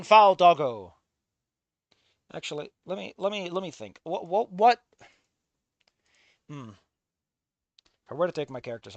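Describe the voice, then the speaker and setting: A streamer reading a visual novel aloud in casual commentary, swearing often and swinging from low muttering to loud outbursts. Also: dry recording. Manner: swears a lot, rants and self-mocks.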